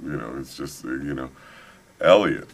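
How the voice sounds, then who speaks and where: A middle-aged man telling a travel story in a casual interview, animated and laughing often. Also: a bass voice, normal speed, vocal fry. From United States. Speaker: author, interview guest. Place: conference venue, indoors.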